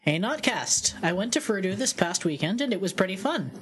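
A woman reads a listener letter on a podcast, moving through it quickly. The delivery is brisk and steady. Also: mid-range voice. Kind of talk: reading a listener letter aloud.

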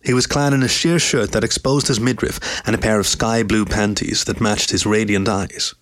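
A man reading a story aloud in an even, steady narration. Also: lowish voice, normal speed. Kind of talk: scripted narration.

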